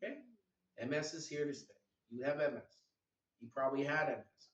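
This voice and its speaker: A middle-aged man giving a lively medical lecture, teasing the audience and quizzing them. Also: a little high, fairly quick. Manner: energetic, teasing, asks the audience questions. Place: large lecture hall. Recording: echoey hall recorded from a distance.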